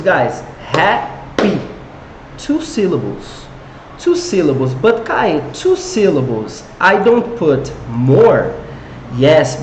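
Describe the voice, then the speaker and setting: A man's voice: high voice, a little mellow. A young man with a Brazilian Portuguese accent, a Portuguese native speaker, teaching an online English lesson and asking viewers questions. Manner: engaging, asks viewers questions and reads comments aloud. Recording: echoey room with faint noise.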